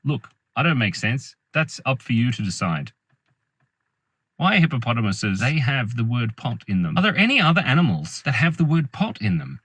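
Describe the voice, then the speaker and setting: A man's voice: medium pitch, big pitch swings, normal speed, a bit bright, slight background noise. A man in his thirties, chatting in a playful, rambling, giggly way from a parked car, recorded without a proper microphone. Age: 30s. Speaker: vlogger. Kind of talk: rambling comic vlog chat. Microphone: built-in camera mic, no microphone.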